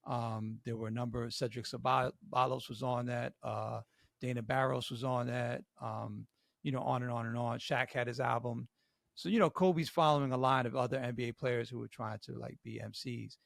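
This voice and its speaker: Middle-aged guy on a podcast, gravelly voice, dry close sound, loose slangy storytelling. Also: mid-range voice, fairly even intonation, normal speed, dry recording. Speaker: podcast co-host.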